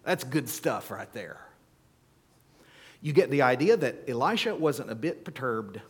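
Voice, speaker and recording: Animated storytelling pastor in a big hall. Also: male voice, medium pitch, a little slow, husky. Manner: animated storytelling, acts out scenes, playful asides. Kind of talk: sermon. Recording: long hall reverb.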